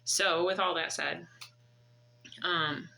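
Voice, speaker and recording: A woman's voice: lowish voice, steady tone, takes it slowly, creaky, bright, forceful tone, rough recording. A woman in her thirties telling a personal story in a vlog, earnest and reflective. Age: 30s. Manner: earnest, reflective, faith-driven. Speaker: vlogger.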